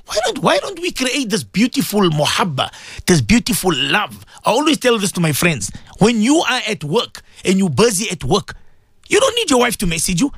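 A man's voice: sits high, huge pitch swings, moderate pace, fairly bright tone, breathy edge, dry recording, clean studio sound. A man preaching on the radio, addressing his listeners directly, emphatic and repetitive. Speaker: religious radio presenter. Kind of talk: impassioned radio sermon.

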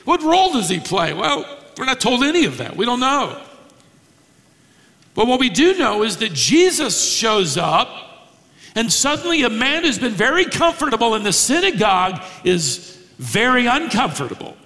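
A man preaching an expository sermon, dramatic, acting out quoted lines with sudden raised shouts. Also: extremely high pitch, sing-song, moderate pace, big-room sound. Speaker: pastor.

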